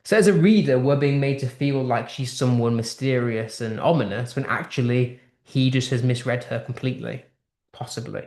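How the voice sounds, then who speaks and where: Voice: medium pitch, normal speed, darkish tone. British tutor with a roomy echo. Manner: poses strings of rhetorical questions; thinks aloud with restarts. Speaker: English literature tutor. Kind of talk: explaining a text in a lesson.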